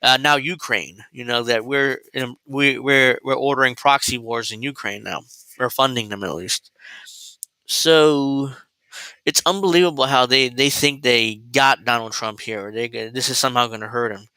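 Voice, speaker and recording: A male host riffs through a political commentary livestream, sarcastic and rambling, with plenty of fillers and restarts. His voice is bright and crisp. The sound is dry and close. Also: medium pitch, fairly even intonation, moderate pace, no echo, low-quality recording.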